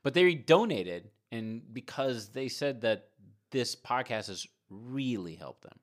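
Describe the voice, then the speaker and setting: A man co-hosting a casual podcast, excitable and rambling, laughing often. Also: mid-range voice, slow pace. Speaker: podcast co-host.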